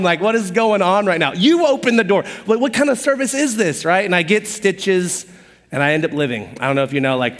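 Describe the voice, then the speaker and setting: A man preaching a sermon as pastor, telling personal stories in an animated, conversational, self-deprecating way. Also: on the high side. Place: church auditorium stage. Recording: long hall reverb.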